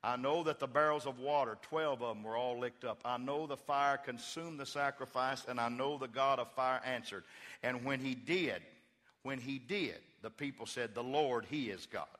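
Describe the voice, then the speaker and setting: A male pastor preaching a sermon in a church, swinging from quiet, joking storytelling to loud, fervent exhortation. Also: mid-range voice, moderate pace, big-room sound. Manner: playful humor while retelling scripture. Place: church sanctuary.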